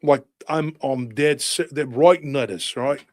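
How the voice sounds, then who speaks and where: Bloke putting on a cocky british thug, blunt and slangy, dry close sound. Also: male voice, medium pitch, slow, no echo, natural voice. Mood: swaggering. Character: swaggering British street thug, man.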